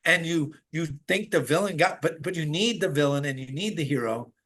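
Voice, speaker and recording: A man chatting as a guest, telling stories in an animated, rambling way with many restarts. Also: fairly high pitch, brisk. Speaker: podcast guest. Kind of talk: casual spiritual conversation.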